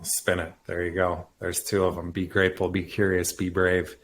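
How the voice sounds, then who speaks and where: A man's voice: sits low, level tone, moderate pace. A man in his thirties, a podcast guest, talking earnestly and emphatically about his life, swearing casually. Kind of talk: emotional personal conversation.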